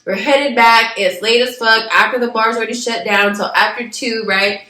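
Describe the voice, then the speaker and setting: A woman casually telling a story, animated and swearing, acting out what others said. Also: fairly high pitch, normal speed. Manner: animated retelling with acted-out quotes, swearing. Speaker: podcast co-host. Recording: echoey room.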